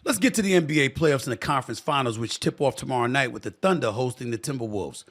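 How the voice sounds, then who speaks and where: A man's voice: medium pitch, animated, fast, background noise. A man hosting his own sports talk show, delivering an impassioned commentary monologue that repeats phrases for emphasis and addresses listeners as "y'all".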